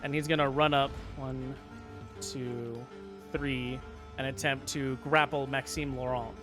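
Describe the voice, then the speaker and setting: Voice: medium pitch, little pitch movement, a little slow, music in the background. A game master narrating a tabletop game and explaining rules in a casual, patient way.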